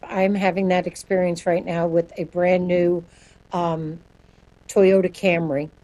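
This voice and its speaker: A woman speaking as a sonic branding guest in an interview, answering in a quick, animated way and laughing often. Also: on the low side, low-quality recording.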